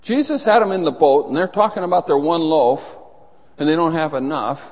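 A middle-aged pastor, voice on the high side and speaking at normal speed, preaches through animated storytelling. He gives the people in his anecdotes their own voices, and a large hall adds a long reverb.

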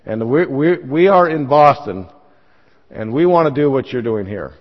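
A man's voice: medium pitch, animated, normal speed. A man in his fifties, a pastor telling his own story in church, folksy and self-deprecating with many fillers. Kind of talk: church talk with personal testimony. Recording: dull sound, long church reverb.

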